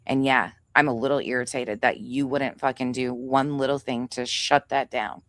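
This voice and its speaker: A woman with a bass voice hosts a livestream, her intonation fairly even and her pace moderate, the tone a bit bright in a dry recording. She rants angrily and confrontationally with heavy profanity, calling out another creator and reading chat names aloud in a heated tirade.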